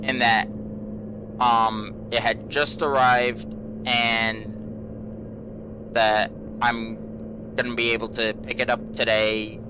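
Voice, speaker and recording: A man's voice: medium pitch, level tone, slow, pauses often, background noise. A man hosting a gaming channel, telling a long everyday story in a rambling way, repeating himself and filling gaps with "you know.". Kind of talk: casual storytelling vlog.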